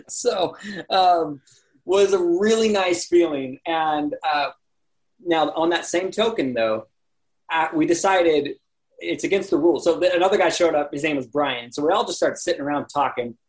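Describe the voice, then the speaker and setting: A man guesting on a podcast, telling a backpacking story in a casual, animated way, acting out other people's lines and often laughing. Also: fairly high pitch, normal speed, low-quality recording. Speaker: podcast guest, landscape photographer.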